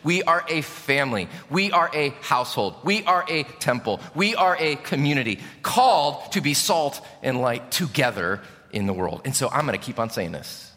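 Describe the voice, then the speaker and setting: A man from Chicago preaching a sermon as pastor, emphatic, lifting key lines and dropping low at the ends. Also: expressive, moderate pace, hardly any pauses, sharp tone, big-room sound.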